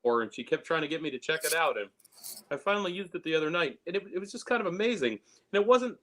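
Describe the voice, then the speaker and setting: Male host, mid voice, halting casual talker on a video call. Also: a little high, expressive, fairly bright tone. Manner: halting, repeats words.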